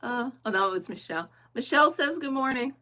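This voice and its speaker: Chatty middle-aged woman, fairly high voice, casual crafting livestream host who laughs a lot. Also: animated, fast, pushed and bright. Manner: chatty, laughing often, thinking aloud. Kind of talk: casual chat while crafting.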